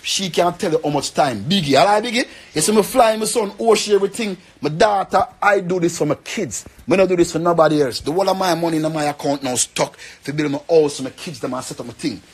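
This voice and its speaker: A man's voice: on the high side, fast, hardly any pauses, breathy edge. A young man with a Jamaican accent, rambling and pleading in an emotional rant to the camera. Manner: pleading, rambling, repeats himself.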